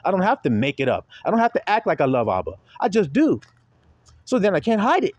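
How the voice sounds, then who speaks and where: Male preacher, informal sermon, slangy and lively, slightly high voice. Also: fast, no room sound, muffled recording. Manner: animated, slangy, often laughing, swings between low and high.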